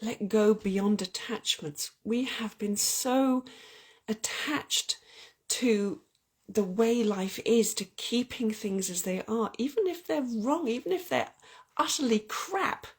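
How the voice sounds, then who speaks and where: A woman hosting a spiritual channel speaks slowly in a fairly high, animated voice with a breathy edge. Her chat about love and oracle cards is earnest and heartfelt, with frequent sentence restarts, and she's getting weepy.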